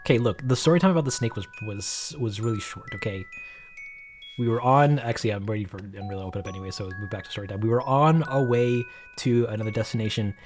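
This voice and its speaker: Rambling, excitable young-sounding man. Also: fairly low pitch, fast talker, soft background music. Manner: rambling, with many restarts and excited bursts. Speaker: game developer showing his work. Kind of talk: casual screen-recorded dev vlog with storytelling.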